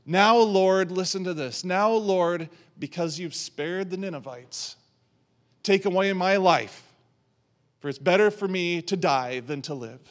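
A man preaching a sermon, telling a story with animated delivery, playful asides and acted-out quotes. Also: high voice, unhurried. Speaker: pastor.

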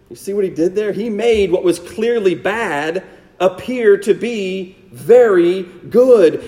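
Male preacher, fairly high voice, sermon delivery full of tag questions, dips into hushed lows, long reverb around him. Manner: rhetorical tag questions, drops to a hushed low voice for emphasis.

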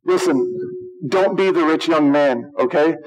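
A male pastor giving an animated, emphatic sermon, with humor and acted-out quotes. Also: fairly high pitch, unhurried, rough recording.

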